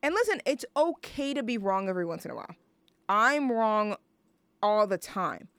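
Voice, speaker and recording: Smooth-voiced chatty young woman radio host. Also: mid-range voice, sing-song, normal speed, fairly bright tone, no echo. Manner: rambling, chatty, many fillers and restarts. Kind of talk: casual chat between songs.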